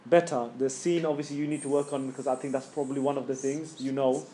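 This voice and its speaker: A man's voice: mid-range voice, steady tone, fast, warm tone, slight background noise. A middle-aged man, casually coaching students on recitation in a class and demonstrating the sounds himself. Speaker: Quran recitation teacher. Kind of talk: live tajweed class coaching.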